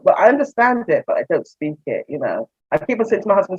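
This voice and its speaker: A woman's voice: low-pitched, animated, quick pace, hardly any pauses, a little mellow, husky. Chatty English woman, muffled sound. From England. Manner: chatty, laughs often, acts out conversations. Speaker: interview guest, counselor. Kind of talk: casual video-call interview. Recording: muffled lo-fi audio.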